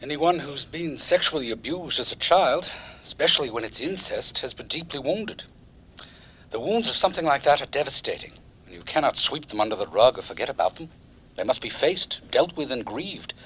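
An actor playing a psychologist on the radio, calm, measured and authoritative. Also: male voice, medium pitch, slight background noise, rough recording. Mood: earnest. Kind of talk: radio drama acting.

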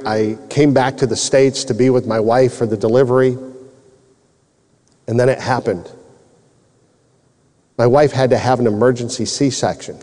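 Man, personal testimony sermon, earnest and emotional, mellow voice, long hall reverb. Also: mid-range voice. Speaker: preacher telling his testimony.

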